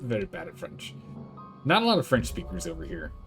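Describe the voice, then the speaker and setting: A man's voice: mid-range voice, wildly swooping pitch, a little fast, fairly bright tone, soft background music. A man casually commentating his building game on a live stream, thinking aloud, answering chat and laughing often.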